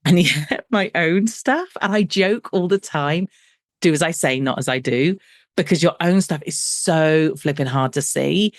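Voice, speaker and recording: Lively woman telling a story. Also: deep voice, measured pace, no room sound, clean studio sound. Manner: animated, self-deprecating, acts out dialogue. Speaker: guest, business owner and coach. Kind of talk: conversational storytelling.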